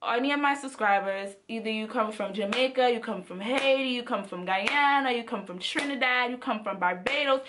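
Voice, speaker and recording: A young adult woman telling a story to her viewers in a chatty, animated way. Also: on the high side, normal speed, few pauses, background noise. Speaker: vlogger. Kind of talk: casual storytime.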